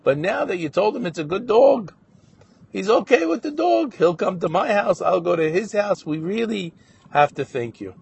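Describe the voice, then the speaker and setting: A man's voice: fairly high pitch, sing-song, normal speed, gravelly, slightly rough, heavily acted. A man voicing an earnest young Israeli husband.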